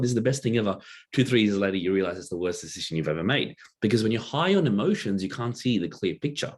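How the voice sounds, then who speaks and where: Husky deep-voiced man teaching casually. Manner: loose and conversational, many fillers and rhetorical "right?"; drawing a diagram while explaining. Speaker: workshop presenter.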